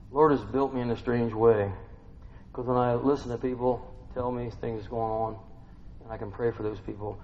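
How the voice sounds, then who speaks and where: This preacher's voice sits at medium pitch, with a little background noise behind it. He delivers an informal sermon, chatting with listeners, asking them questions, and humming and affirming to himself between points. The recording sounds dull and lo-fi, with a long hall reverb.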